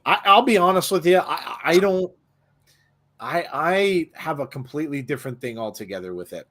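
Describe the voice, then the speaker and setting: A young man hosts a live watch-along in a loose, rambling way and keeps stumbling into restarts. His voice sits at an ordinary middle pitch. He talks like he is chatting with viewers as things happen. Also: a bit bright. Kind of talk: casual live commentary.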